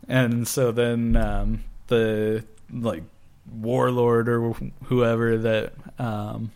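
A man in casual chat, talking slowly and rambling with lots of fillers. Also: medium pitch, little pitch movement, a little mellow. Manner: slow, rambling, many fillers. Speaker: guest. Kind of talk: casual chat about comic books.

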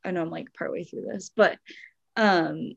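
A woman's voice: lowish voice, moderate pace, vocal fry, no room sound, muffled recording. A woman co-hosting a podcast in a casual chat, reading out a listener's story with lots of giggles, "like" and "um". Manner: giggly, filler-heavy, lots of "like" and "um". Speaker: podcast co-host.

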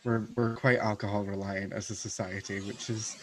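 A man's voice: lowish voice, flat delivery, moderate pace, a little hiss or hum. A Scottish man with a Glasgow accent, a drag performer chatting as a guest over a video call, casual and self-mocking with the odd swear. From Scotland. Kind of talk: casual chat.

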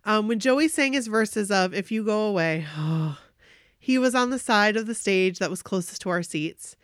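Woman co-host, animated storyteller reading a fan tale, mid-pitched, dry booth sound. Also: measured pace, no room sound. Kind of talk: reading a listener story aloud.

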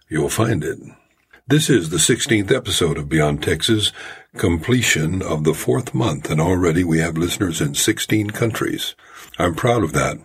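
Deep, husky-voiced storytelling podcast host. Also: male voice. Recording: home-made podcast audio.

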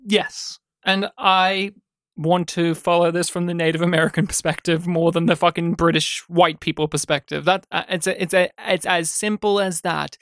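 A man co-hosting a podcast, casually reviewing a film with animated, sweary retellings of scenes. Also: sits high, normal speed, dry recording, studio quality. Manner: animated, sweary, acts out scenes in quoted voices. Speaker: podcast co-host.

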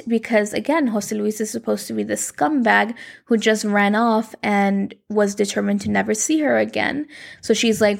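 Young woman recapping a show, slightly gravelly. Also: mid-range voice. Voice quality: quick, animated, quoting characters in her own voice. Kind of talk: casual plot recap.

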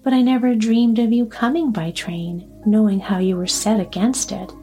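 A woman voicing a quiet, matter-of-fact grown son in a storybook reading. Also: medium pitch, fairly even intonation, normal speed, faint music behind, lightly acted. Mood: earnest. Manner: quiet, earnest.

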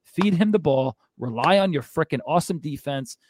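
A man's voice: on the high side, lively intonation, moderate pace, darkish tone, no room sound, studio quality. A man co-hosting a sports podcast, ranting in a fired-up, exasperated way. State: out of breath. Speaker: podcast co-host.

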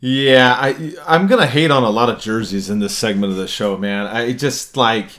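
A man's voice: mid-range voice, moderate pace, a bit bright. Ranting man on a hockey podcast. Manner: blunt, ranting, laughs often. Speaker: podcast co-host. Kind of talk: casual sports chat.

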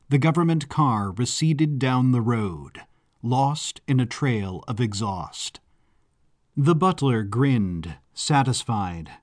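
A man narrating a story in a measured, descriptive way. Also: mid-range voice, darkish tone. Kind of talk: scripted audiobook narration. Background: faint background music.

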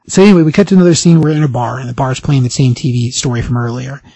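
Husky-voiced man recapping a comic. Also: mid-range voice, no room sound. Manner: animated storytelling, acting out dialogue in quick voices. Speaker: podcast host. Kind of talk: casual comic book recap.

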